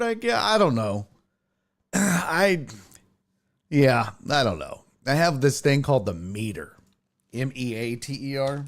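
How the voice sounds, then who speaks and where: A man hosting a casual sports live stream, rambling and swearing as he reads chat messages. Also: medium pitch. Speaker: sports podcast host.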